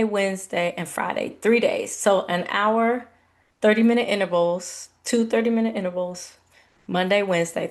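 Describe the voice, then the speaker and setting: A woman in her thirties, a podcast host, casually telling a personal faith story in a conversational, animated way. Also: mid-range voice. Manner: conversational, animated retelling with laughs.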